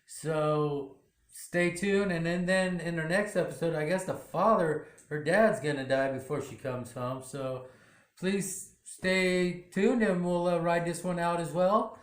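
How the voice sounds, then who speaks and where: A man's voice: on the high side, moderate pace. A man casually recapping a TV drama episode in a rambling way, full of "you know" fillers. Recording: roomy echo.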